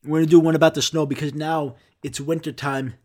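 A young man hosting a solo podcast, ranting profanely and swinging between loud outbursts and low mumbles. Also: level tone, a little fast. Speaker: podcast host. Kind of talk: casual solo podcast rant.

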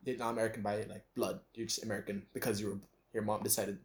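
A man's voice: lowish voice, little pitch movement, fast talker. A young man from the Philippines, co-hosting a casual podcast chat and acting out the people in his stories. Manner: loose storytelling, acts out quoted people. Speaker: podcast co-host.

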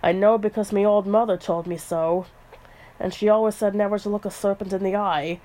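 A man's voice: sits high, steady tone, brisk, darkish tone, lightly acted, rough recording. Woman reading as a spooked, chatty male ferret. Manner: folksy old-fashioned turns of phrase. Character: superstitious talkative male ferret henchman.

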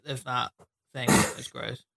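A man's voice: medium pitch, level tone, takes it slowly, gravelly, sharp tone. A man, brash and cocky, swearing freely during a casual podcast quiz. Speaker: podcast co-host, contestant. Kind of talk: casual banter in a quiz game.

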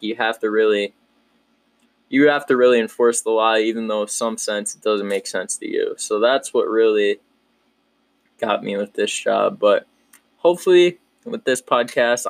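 A young man in his twenties chats through his own podcast in a loose, rambling, upbeat way, circling back and restarting sentences as he goes. His voice sits on the low side. It is recorded close and dry, with no room sound. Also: no echo. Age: 20s. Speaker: podcast host. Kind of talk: casual solo podcast chat.

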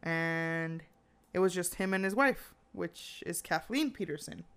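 A woman chatting casually, retelling a true-crime story with animated quoted lines and frequent fillers. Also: on the low side, a little slow, smooth.

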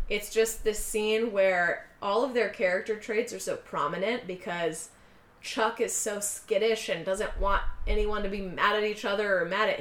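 A woman casually recapping a film, acting out the characters' lines in quick voices as she tells it. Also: medium pitch, roomy sound. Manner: animated retelling, acting out quotes in quick voices. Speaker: podcast co-host recapping a film. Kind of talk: casual chat.

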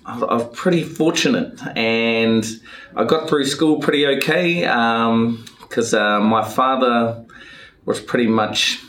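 A man's voice: mid-range voice, measured pace. New Zealand man recalling his life, echoey room. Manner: relaxed, thoughtful, chuckles as he talks. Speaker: podcast guest. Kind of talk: reflective life story, casual chat.

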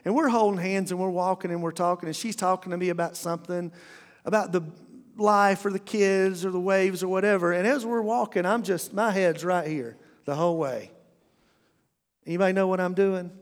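A man's voice: high voice, steady tone, brisk. A middle-aged male pastor preaching a folksy, humorous sermon in a church, often restarting his sentences. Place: church auditorium. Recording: long reverb of a church hall.

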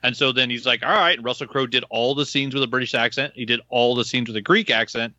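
A man co-hosting a casual podcast chat, his voice bright and forceful as he tells stories with enthusiasm. The sound is close and dry, slightly dull in its highs. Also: flat delivery, quick pace, no echo. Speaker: podcast co-host.

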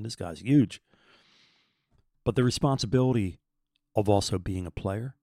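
Deep-ish voiced guy in his 50s, earnest rambly faith talk, dry close sound. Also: a little mellow, no echo. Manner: earnest, rambling, repeats words while searching. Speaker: podcast host.

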